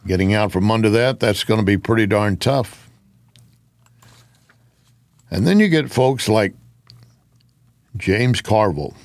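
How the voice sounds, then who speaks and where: A man's voice: fairly low pitch, no room sound, studio quality. A man giving an opinionated political commentary monologue, with sarcastic asides.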